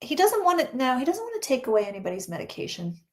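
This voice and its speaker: A talkative woman with a fairly high voice, reading tarot cards live for her viewers. She talks casually and exclaims freely as she answers questions from the chat. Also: wildly swooping pitch, fast talker, a little mellow. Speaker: psychic reader.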